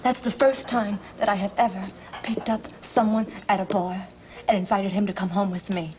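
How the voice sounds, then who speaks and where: An actress playing a proud young woman cop who talks in a brisk, guarded way. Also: medium pitch, fairly even intonation, darkish tone, a little hiss or hum, lightly acted.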